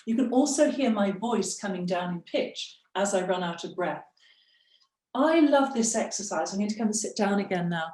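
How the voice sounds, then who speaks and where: A woman's voice: mid-range voice, lively intonation, normal speed, darkish tone. A middle-aged woman voice coach leading a breathing workshop, demonstrating and encouraging the audience through exercises. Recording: roomy sound, off-mic.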